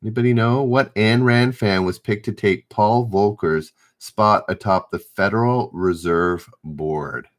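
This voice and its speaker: A man's voice: lowish voice, measured pace, few pauses. A middle-aged man hosting a live-stream trivia game, reading questions aloud, stumbling and rereading, and chatting with viewers. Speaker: trivia host.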